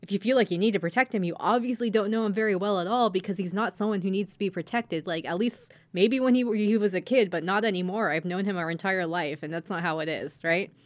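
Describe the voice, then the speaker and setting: A woman's voice: mid-range voice, fast talker, few pauses, dry recording, natural voice. A woman voicing an earnest, loyal young male roommate who speaks reassuringly during a podcast recap.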